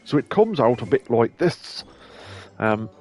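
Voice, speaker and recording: A man's voice: mid-range voice, sing-song, measured pace, darkish tone. A man hosting a game stream, commenting in a chatty, rambling way, laughing often and occasionally swearing. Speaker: streamer host. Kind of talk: let's play commentary.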